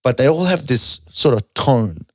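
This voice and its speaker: A man with an Australian accent, a stand-up comedian telling stories fast and animatedly in a casual podcast chat, with plenty of swearing. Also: medium pitch, animated, no room sound, studio quality.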